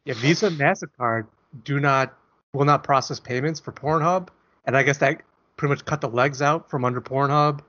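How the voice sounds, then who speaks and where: Speaking at a normal speed in a medium-pitched, slightly bright voice, this man co-hosts a podcast. He jokes, rambles and pokes fun at himself, all captured in dull lo-fi sound.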